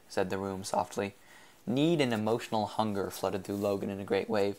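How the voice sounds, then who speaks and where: A man reading a science fiction novel aloud in a steady, measured narration. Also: fairly low pitch. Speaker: audiobook reader.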